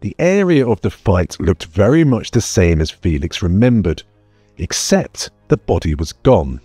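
Deep, slow-reading male audiobook narrator. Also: dry recording. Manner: measured, expressive storytelling. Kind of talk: scripted narration.

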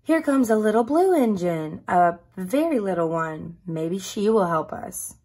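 A woman's voice: animated, a little slow, a little mellow, breathy edge. A woman voicing an eager little male toy clown who pleads for help in a storybook reading. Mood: pleading. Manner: urgent, high and pleading.

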